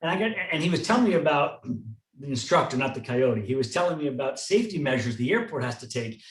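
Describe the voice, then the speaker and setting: Heard from a distance in a roomy recording, a male podcast co-host chats casually, relating stories dryly and matter-of-factly. His mid-range voice moves at a quick pace with big pitch swings.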